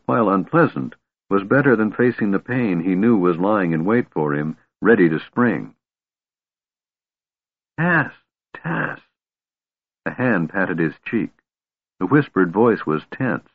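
A man narrates a fantasy novel in a lowish, husky voice that moves a lot in pitch. He reads expressively. The recording is dry and thin, like a phone line. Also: dry recording. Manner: expressive, voices each character. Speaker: audiobook narrator. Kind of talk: scripted narration. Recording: tinny phone-like dry sound.

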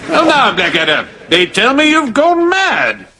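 An actor playing a blustering, bluff old British general, booming and barking in an upper-class English accent, in a sitcom. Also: male voice, huge pitch swings, unhurried, sharp tone, a little hiss or hum, heavily acted. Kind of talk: sitcom acting before a studio audience.

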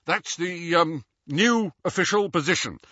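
A man's voice: on the high side, a little slow, bright, forceful tone, husky, no echo, muffled recording, voice pushed up, heavily acted. A man voicing a young wizard who gives orders in a commanding, urgent way. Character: young wizard posing as an imposing official.

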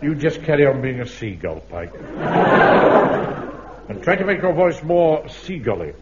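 Pompous, self-important army captain in an old radio comedy. His voice sits high and swoops in wide arcs as he lays down the law. The old recording sounds muffled, with hiss behind it. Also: sing-song, unhurried. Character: pompous middle-aged male Home Guard captain. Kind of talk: radio sitcom acting.

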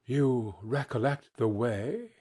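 A man voicing a gentle, solemn male ghost who speaks mildly and with measure in a storybook reading. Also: medium pitch, slightly rough. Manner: mild, measured.

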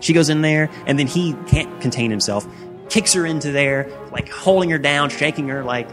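A man's voice: medium pitch, moderate pace, fairly bright tone, soft background music. Guy hosting a podcast, jokey rambling movie recap, does little voices. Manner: rambling, jokey, acts out lines. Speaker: podcast host. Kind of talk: casual movie recap chat.

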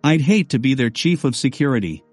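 A man's voice: mid-range voice, animated, a little fast, darkish tone, no room sound, soft background music. A man narrating a first-person novel in a wry, sardonic way. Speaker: audiobook narrator.

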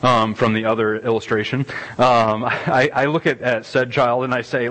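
A man's voice: medium pitch, level tone, normal speed, fairly bright tone. A man preaching a conversational sermon, rambling and self-deprecating, restarting sentences and acting out what he tells his kids. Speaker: pastor. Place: church hall. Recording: long reverb of a church hall.

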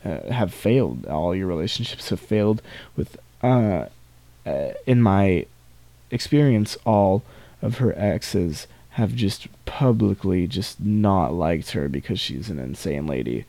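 A man's voice: low-pitched, big pitch swings, unhurried, creaky, mellow, dry recording. A teenage boy hosting a podcast, talking on his own in a rambling, casual way, full of restarts and asides. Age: teens. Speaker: podcast host. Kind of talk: casual solo monologue.

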